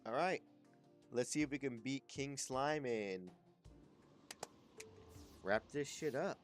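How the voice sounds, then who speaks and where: A man's voice: medium pitch, takes it slowly, soft background music. A man streaming a video game in a casual, profanity-heavy chat with viewers, sleepy and with a stuffy nose. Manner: swears constantly, chats with viewers. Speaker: gaming streamer. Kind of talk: casual gameplay commentary.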